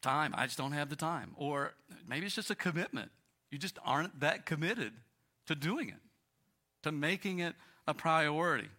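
A man's voice: fairly high pitch, animated, normal speed, pushed and bright. A male pastor preaching a sermon, telling stories and driving points home with repetition. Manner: storytelling, emphatic repetition.

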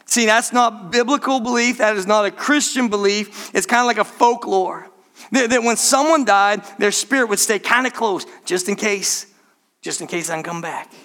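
A man's voice: sits high, moderate pace, bright, forceful tone. A man preaching a sermon, addressing the congregation as church and acting out the people he quotes. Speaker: pastor.

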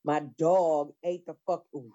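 A woman's voice: deep voice, fairly even intonation, unhurried, mellow, no echo. A woman hosting a stream, talking in a blunt, profane casual chat. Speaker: stream host. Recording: dull lo-fi dry sound.

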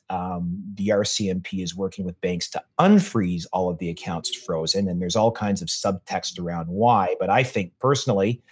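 A man with a fairly low voice, talking in an opinionated, rambling way. He restarts his sentences often as he builds his argument. It sounds like a relaxed podcast conversation. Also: slightly rough. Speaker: podcast guest. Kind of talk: casual conversation.

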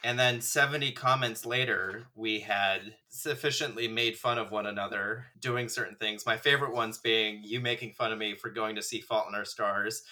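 A man's voice: on the low side, normal speed, few pauses. A man chatting casually with a friend, telling stories with lots of laughter and acted-out quotes. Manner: animated storyteller, acts out quotes, laughs often. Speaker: friend and fellow actor. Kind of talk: casual chat, reminiscing.

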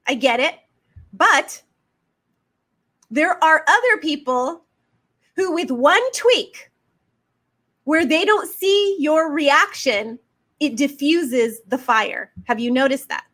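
A woman's voice: sits high, takes it slowly, long pauses, fairly bright tone. A woman business coach giving an emphatic, preaching-style motivational talk full of fiery rhetorical questions. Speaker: faith-based business coach.

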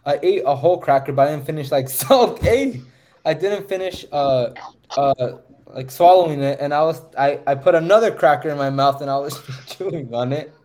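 A man's voice: a little high, animated, normal speed, a little mellow. A young man hosting a podcast, telling a story in casual chat and laughing his way through it. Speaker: podcast host. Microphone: voice call microphone.

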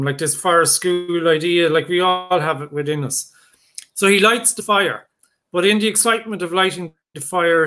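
A man recounting a folk tale in a loose, chatty way, doubling back on his words. His voice sits a little high, with a bright, forceful edge. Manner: rambling and conversational, with many fillers and restarts. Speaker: storyteller. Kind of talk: oral folk storytelling.

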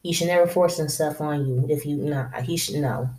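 A woman with a low, warm, mellow voice talks straight to her listeners in a casual solo podcast monologue. She is blunt and slangy, drawls her words and laughs to herself as she lays out her advice. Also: moderate pace. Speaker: podcast host.

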